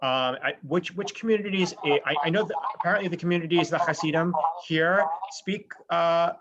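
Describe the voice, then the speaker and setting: A man, a student, asking the teacher a question in halting, hesitant phrases. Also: fairly high pitch, highs cut off, heavy background noise.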